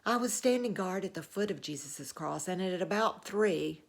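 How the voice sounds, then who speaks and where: A sober Roman centurion recounts in first person, as a woman puts him on in her own lower voice. The telling is earnest and measured, a dramatic monologue. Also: lively intonation, creaky. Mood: solemn. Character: Roman centurion, a grown man, sober commanding officer.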